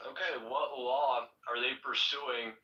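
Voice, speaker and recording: Exasperated man with a bright sharp voice. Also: medium pitch, fairly even intonation, measured pace, roomy sound, far from the mic, dull audio. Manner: confrontational, exasperated, mocking. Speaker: host of a live audio stream. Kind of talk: heated live debate.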